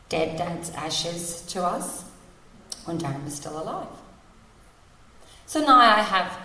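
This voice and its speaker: At a recovery meeting in a large convention hall, a woman in her forties shares her story, candid and wry, laughing through painful memories. Her voice is on the low side, pushed and bright, captured from a distance in an echoey hall.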